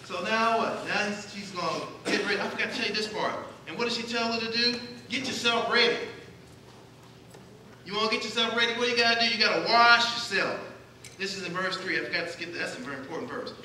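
High bright-voiced preacher, echoey church. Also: male voice, fairly even intonation, quick pace, slight background noise. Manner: asks the congregation questions and answers them himself. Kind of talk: sermon. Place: church sanctuary. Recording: echoey church hall, distant mic.

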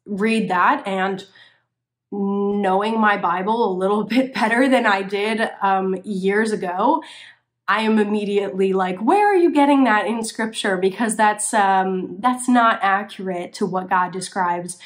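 A woman's voice: mid-range voice, steady tone, a little slow. A woman hosting her own video channel, talking to viewers in an earnest, conversational way with the odd "um". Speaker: YouTube channel host. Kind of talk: casual commentary to camera.

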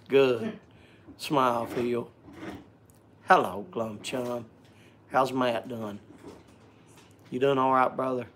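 A man's voice: medium pitch, slight background noise. A man hosting a casual live stream, joking and chatting, greeting viewers by name, often repeating and stumbling over words.

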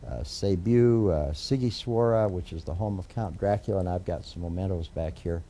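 A man's voice: sits low, normal speed, warm tone, a little hiss or hum. An older man, a judge being interviewed, telling a long family story in a rambling way with many fillers and restarts. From United States. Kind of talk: oral history interview storytelling.

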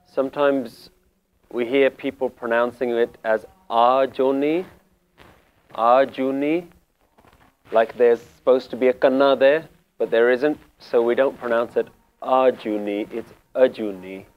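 A man teaching Sikh scripture, explaining word meanings calmly and deliberately, repeating key phrases. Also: mid-range voice, clean tone, dull audio. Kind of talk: slow spiritual explanation.

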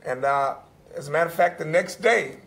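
Gravelly older man telling a story. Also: a little high, fairly quick. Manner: animated storyteller, acts out quoted dialogue. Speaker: panelist. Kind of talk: personal story at a panel.

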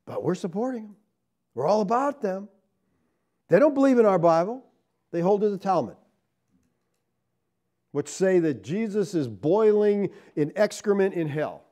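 A man preaching a sermon as pastor, animated, tossing rhetorical questions to his congregation and swinging between loud emphatic lines and low asides. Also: a little slow, long pauses.

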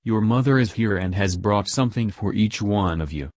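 Sly storybook wolf sweet-talking at a door, read by a man, lowish dry voice. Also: moderate pace, darkish tone, no echo, lightly acted. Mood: coaxing. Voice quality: rough-voiced. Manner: coaxing, deceitful. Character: big sly male wolf in disguise.

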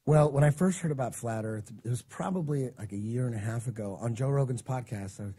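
Husky man in his forties telling a story. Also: medium pitch, brisk. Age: 40s. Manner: animated storytelling, acting out quoted exchanges. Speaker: guest. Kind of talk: casual chat.

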